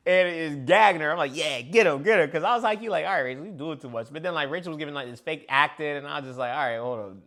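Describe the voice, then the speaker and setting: A young man with a somewhat high, slightly bright voice casually reviews a reality show episode for his video channel. His reaction chat is chatty and full of slang.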